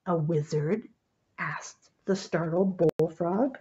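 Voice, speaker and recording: A woman reading a picture book aloud, gentle and expressive, stopping to point out the pictures. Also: fairly low pitch, slow, highs cut off, slight background noise. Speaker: storybook reader.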